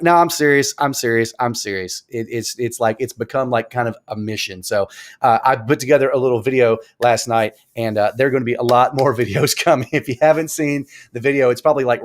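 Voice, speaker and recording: A man hosting a casual live stream from a small room at home, rambling and animated, repeating himself as he talks. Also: mid-range voice. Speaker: live show host.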